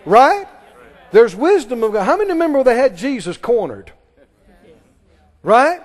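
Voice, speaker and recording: Man, pastor, preaching a sermon, emphatic, high voice, reverberant hall. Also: big pitch swings, unhurried. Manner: emphatic preaching, leads the congregation in call-and-response. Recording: long reverb of a large hall.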